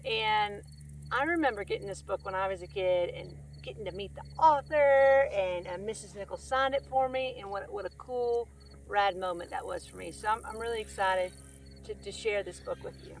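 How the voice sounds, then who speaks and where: A woman's voice: medium pitch, normal speed. A woman hosting a storytime who reads a children's picture book aloud, friendly and chatty. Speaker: storytime reader and host.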